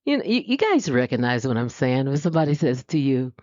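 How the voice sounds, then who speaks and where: Middle-aged woman preacher, chatty and animated, mid pitch, dry dull lo-fi sound. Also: brisk, no room sound. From US West Coast. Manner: animated, puts on high voices for quotes, laughs often. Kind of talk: conversational sermon.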